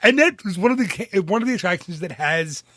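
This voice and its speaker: A man hosting a casual podcast chat into a studio microphone, animated and laughing often. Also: high voice, fast, no echo. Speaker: podcast host.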